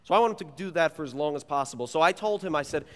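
Man, youth pastor, higher voice, lively storytelling sermon, long hall reverb. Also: very fast. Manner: animated, playful storyteller.

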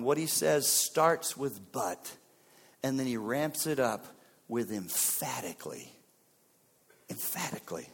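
A man preaching a sermon with dramatic delivery. He acts out the lines of biblical figures, swinging sharply between loud and soft. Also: long reverb tail. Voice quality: dramatic, voicing biblical figures with wide swings in pitch and loudness. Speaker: pastor.

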